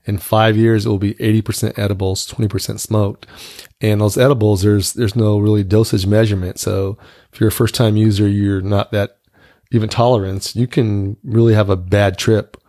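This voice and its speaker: A man's voice: lowish voice, flat delivery, moderate pace, warm tone, no echo, studio quality. A man in his fifties talking frankly and earnestly in a casual conversation, often repeating words as he starts a thought.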